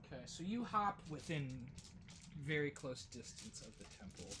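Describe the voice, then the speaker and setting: A man's voice: on the high side, big pitch swings, normal speed, background noise. A man narrating a tabletop role-playing game as game master, in a casual, descriptive way with frequent fillers.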